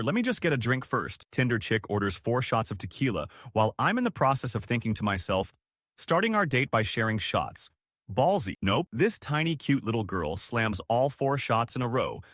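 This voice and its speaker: Lively male story narrator, dry sound. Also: medium pitch, no echo. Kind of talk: scripted narration of online stories.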